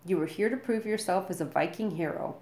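A woman's voice: mid-range voice, brisk, darkish tone, roomy sound, lightly acted. A woman voicing a giant one-eyed Viking man who screams his orders at a group of boys. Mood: bellowing.

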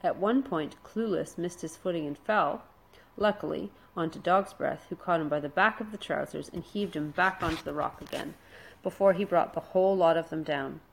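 A woman narrates a children's adventure book aloud. Her voice sits a little low for a woman. Her reading is steady and expressive. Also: moderate pace, creaky, slight background noise, poor audio. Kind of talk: storybook narration.

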